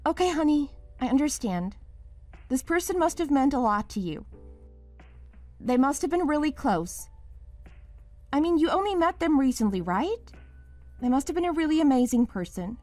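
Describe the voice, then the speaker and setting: A woman's voice: high voice, very animated, normal speed, long pauses, a little mellow, dry recording, soft background music. A woman playing a young wife in a dramatized story, pleading and then accusing her partner.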